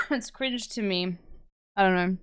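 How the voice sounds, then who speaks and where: A woman's voice: mid-range voice, takes it slowly, slight background noise. A woman streaming, chatting casually and laughing often. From South Africa. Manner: giggly, chatty, laughs a lot. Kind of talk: casual chat.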